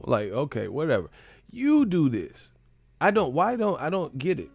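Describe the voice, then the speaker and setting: Man, live-stream host, gravelly, mid pitch, dry close sound, profane joking chat. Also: huge pitch swings, moderate pace, a little mellow, no room sound. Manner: profane, joking, mocking chat in silly high voices. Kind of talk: casual live-stream chat reading comments.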